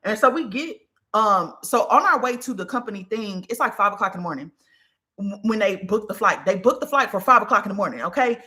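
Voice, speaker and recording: Bright-voiced woman in her 30s, casual podcast rant, cusses a lot, super animated. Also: mid-range voice, a little fast. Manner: candid, profane, animated storytelling. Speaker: podcast host. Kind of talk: casual storytelling monologue.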